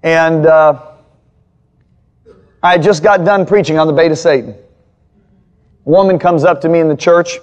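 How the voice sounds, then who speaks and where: Emphatic male preacher, higher voice. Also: steady tone, moderate pace, pauses often, highs cut off. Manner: emphatic, repetitive storytelling. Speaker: pastor. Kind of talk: sermon-style Bible teaching.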